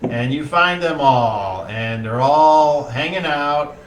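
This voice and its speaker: Casual, profane game master. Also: male voice, fairly high pitch, expressive, takes it slowly, noisy background. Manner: casual, profane, rambling with fillers. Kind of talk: narrating a tabletop game. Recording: roomy distant mic, faint ambience.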